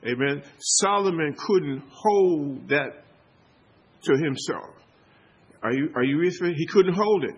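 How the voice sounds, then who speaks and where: Husky man pastor, slightly high voice, repetitive call-and-response sermon delivery. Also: lively intonation, slow pace, muffled recording. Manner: repetitive call-and-response preaching with many restarts.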